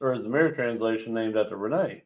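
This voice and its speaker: A man's voice: lowish voice, fast talker, highs cut off. A man co-hosting a live stream, teasing his partner and laughing often. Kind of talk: casual live-stream banter.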